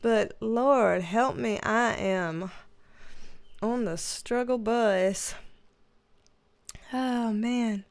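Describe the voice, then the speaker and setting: A high-voiced woman chats slowly and easily on a livestream, greeting viewers one by one. She sounds worn out and yawns now and then, but laughs often and keeps things friendly. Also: smooth. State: tired, yawning. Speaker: tarot reader streamer. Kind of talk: casual livestream chat.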